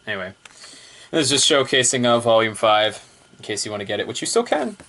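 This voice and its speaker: A man's voice: fairly low pitch, animated, a little fast, pushed and bright, a little hiss or hum. A male reviewer talks through a book in a loose, offhand way. He rambles, laughs often and leans on repeated one-word fillers. The delivery is casual and unscripted.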